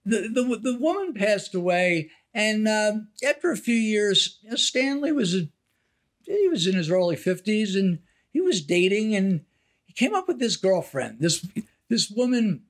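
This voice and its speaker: A man's voice: sits high, a little slow. An older man co-hosting a podcast, telling family stories in casual chat and acting out the quotes. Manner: animated storyteller, acts out quotes in a raised voice. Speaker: podcast co-host.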